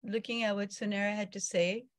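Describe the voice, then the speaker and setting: A woman's voice: medium pitch, fairly even intonation, fairly quick. A woman moderating a panel discussion, polite and hesitant, with fillers as she frames her questions.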